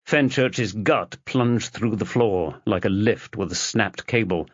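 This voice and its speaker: A man narrating a mystery audiobook in a dramatic, expressive reading. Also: fairly low pitch, measured pace, hardly any pauses, no room sound, muffled recording. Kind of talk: scripted narration.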